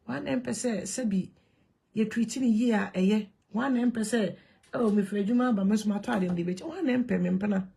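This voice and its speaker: A woman with a Ghanaian accent talking to camera in an animated, emphatic way, switching between Twi and English. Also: medium pitch, a little fast, creaky, slightly rough. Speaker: vlogger. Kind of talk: casual monologue to camera.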